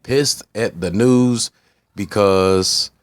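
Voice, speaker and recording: Deep-voiced rambling profane man. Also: drawn-out words, no echo, clean studio sound. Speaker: vlogger. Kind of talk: casual rambling vlog.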